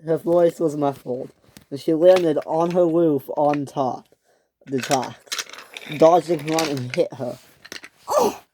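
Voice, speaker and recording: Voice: fairly even intonation, takes it slowly, slight background noise. A storyteller narrating a toy train story with many restarts and self-corrections. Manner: acts out each character's lines in higher, louder voices.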